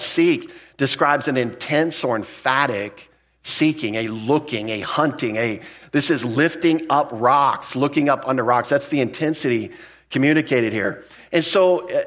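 A male pastor preaching an expository sermon at an ordinary middle pitch. He talks in a relaxed, conversational way, and his voice leaps upward whenever he hammers home a point. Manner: conversational and emphatic, with frequent restarts; jumps up in pitch to stress key points.

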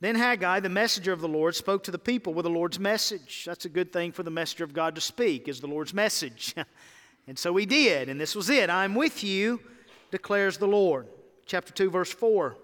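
A man preaching a sermon as pastor, leading his congregation in call-and-response and swinging between emphatic peaks and quiet low lines. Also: moderate pace, in a large hall. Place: church sanctuary.

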